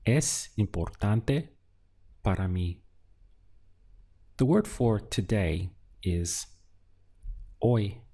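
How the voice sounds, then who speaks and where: A man teaching a language lesson, speaking calmly and patiently and pausing often so the listener can answer. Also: fairly low pitch, slightly rough. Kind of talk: slow, deliberate language lesson.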